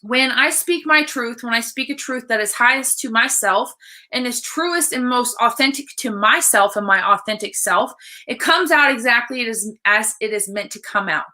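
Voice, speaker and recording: A woman coach talking to viewers on a livestream, blunt and excited, swearing freely as she speaks. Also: on the high side, normal speed. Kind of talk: casual live-stream talk.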